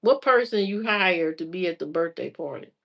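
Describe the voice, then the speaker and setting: A woman's voice: lowish voice, expressive, moderate pace, gravelly, highs cut off. An adult woman telling stories in a casual, chatty way, laughing often as she goes. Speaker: vlogger. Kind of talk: casual storytelling.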